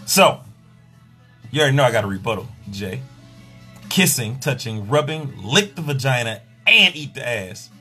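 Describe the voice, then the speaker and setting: A man, a pleasure coach, in an exasperated, profane comedic rant in a husky voice. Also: mid-range voice, animated, moderate pace, pushed and bright, soft background music.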